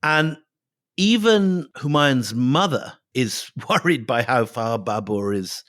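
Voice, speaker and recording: A man's voice: mid-range voice, expressive, takes it slowly, fairly bright tone, no room sound. Dry-voiced storytelling man. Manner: dramatic storyteller reading quotes aloud. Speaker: history podcast co-host. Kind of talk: storytelling history podcast chat.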